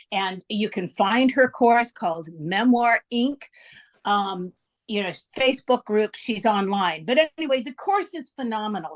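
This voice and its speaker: A woman hosting her own podcast, chatty and laughing often as she tells a story, with frequent restarts. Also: a little high. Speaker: podcast host. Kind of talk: casual podcast introduction.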